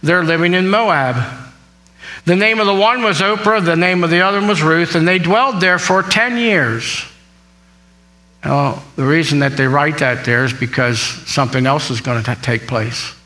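A man's voice: on the high side, moderate pace, sharp tone, poor audio. A man preaching a sermon, reading scripture aloud and retelling it, asking his listeners questions. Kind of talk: sermon, Bible teaching.

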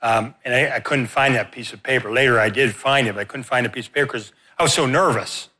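Man preaching, animated storyteller, pokes fun at himself, sharp bright tone. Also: mid-range voice, fast talker. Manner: animated, self-deprecating storyteller. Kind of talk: sermon storytelling.

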